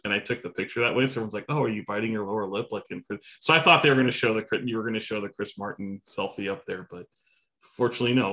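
A man who is a TV reporter and sports podcast co-host speaks in a lowish voice that sounds pushed and bright. In casual sports chat, he tells long, chatty stories and laughs easily.

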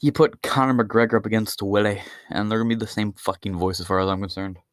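A man's voice: on the low side, steady tone, fast. Profane, rambling male podcast comic. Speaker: podcast host. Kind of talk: stand-up style rant.

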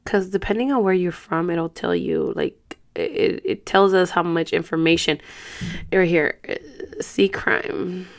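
A woman's voice: on the low side, unhurried. A woman in her thirties ranting to her viewers in a casual vlog, frustrated and profane, slipping in Spanish words. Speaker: vlogger.

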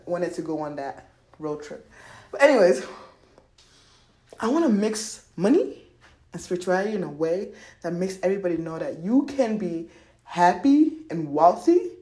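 A lively woman podcast host talks about money and spirit in a loose, slangy, profane way, her pitch swinging widely as she laughs and acts out little voices. Her voice rings in a roomy, echoey space. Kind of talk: casual spiritual money talk.

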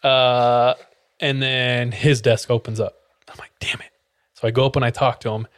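A man's voice: medium pitch, normal speed, dry recording, studio quality. A young man co-hosting a podcast, telling a story in casual chat and acting out the voices of people in it. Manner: animated, acts out quotes with sound effects and laughs. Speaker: podcast co-host.

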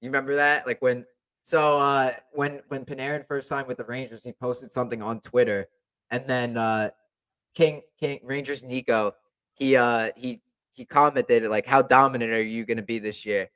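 A man's voice: medium pitch, steady tone, moderate pace, fairly bright tone. A young man chatting casually as a hockey fan, rambling with lots of fillers. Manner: rambling, many fillers and restarts. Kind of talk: casual chat.

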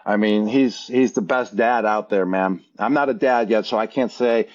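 A man in his thirties with a low-pitched voice tells locker-room stories as a podcast guest. He talks casually and animatedly, and his voice jumps up whenever he acts out a quote. The recording sounds somewhat dull and lo-fi. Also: normal speed, a little mellow. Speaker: guest, former tight end. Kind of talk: casual interview storytelling.

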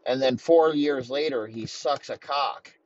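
A man's voice: medium pitch, measured pace, muffled recording, slight background noise. A man hosting a sports podcast, ranting in a rambling way and swearing heavily. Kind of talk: profane sports rant.

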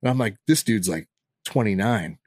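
Low-voiced man musing loosely. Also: animated, moderate pace, no room sound, clean studio sound. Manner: rambling, filler-heavy musing. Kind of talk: casual chat.

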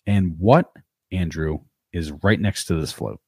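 A man with an extremely deep, low voice recaps an episode in easygoing podcast chat. He curses offhandedly and tells the story in a loose, rambling way. The sound is dry and close, with no room around it. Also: a little slow, a little mellow, husky, no echo. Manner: swears freely, narrates the plot loosely. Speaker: podcast co-host.

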